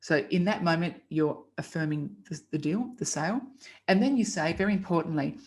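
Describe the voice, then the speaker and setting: A woman's voice: low-pitched, brisk, a little mellow. A woman teaching about pricing in a chatty, emphatic way, acting out client dialogue as examples. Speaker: copywriting teacher. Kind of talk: casual instructional talk.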